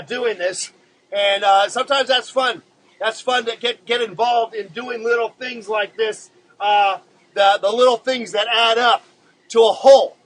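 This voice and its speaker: A man hosting a casual live-streamed drawing show, chatting to viewers in a laid-back, rambling way with many halting filler words. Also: high voice, fairly bright tone, a little hiss or hum, rough recording.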